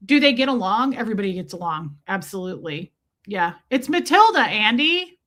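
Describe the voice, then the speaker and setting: A woman's voice: medium pitch, very animated, a little fast, a bit bright. A woman hosting a casual livestream, chatting, reading comments aloud and baby-talking to her dogs. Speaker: livestream host.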